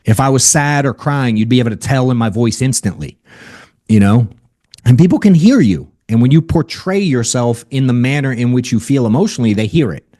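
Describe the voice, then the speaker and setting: A man giving a casual, energetic sales training over a video call. He talks bluntly and keeps asking "right?" and saying "dude.". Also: mid-range voice, a little fast. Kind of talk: casual motivational training talk.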